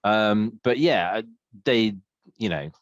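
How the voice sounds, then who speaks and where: Low-voiced man rambling casually. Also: lively intonation, slow pace, dry recording, muffled recording. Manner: rambling, many fillers and restarts, laughs often. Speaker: podcast co-host. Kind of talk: casual chat.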